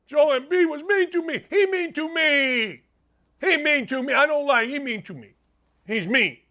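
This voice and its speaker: A man's voice: very high-pitched, lively intonation, moderate pace, sharp tone, voice pushed up, exaggerated voice. A man putting on the voice of a sulky grown man who whines like a small child. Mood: sulking. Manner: pouty, whiny, childish grammar.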